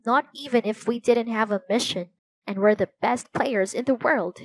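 A woman's voice: a little high, moderate pace, no echo. A woman reading aloud voices a cautious, sensible young boy who talks in a plain, level-headed way.

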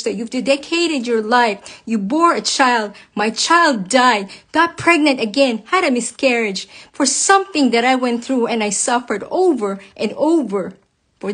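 A woman's voice: a little high, a bit bright. Angry hurt woman venting to followers. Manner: angry, hurt, emphatic with repeated phrases. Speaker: psychologist. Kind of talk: emotional personal account to followers.

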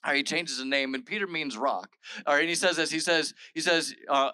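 Bright-voiced, chatty male pastor. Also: on the high side, fairly even intonation, fairly quick, dry recording, poor audio. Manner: chatty and informal, full of "like" and "all right"; retells scripture in modern everyday speech. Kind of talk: casual conversational sermon.

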